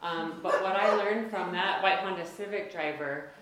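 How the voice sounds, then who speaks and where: A woman in her late thirties telling a personal story to an audience, conversational and self-deprecating, with quick asides. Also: fairly low pitch, a bit bright. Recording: very echoey hall.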